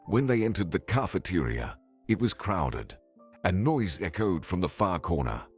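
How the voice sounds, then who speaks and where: A man reading a scripted story as narrator, in a steady even way. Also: low-pitched, moderate pace, slightly rough, soft background music.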